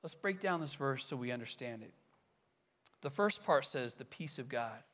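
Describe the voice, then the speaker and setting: A man preaching a sermon, earnest and conversational, asking rhetorical questions and slowing down to lean on key phrases. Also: medium pitch, animated, fairly bright tone. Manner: slows and leans on key phrases. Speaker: pastor.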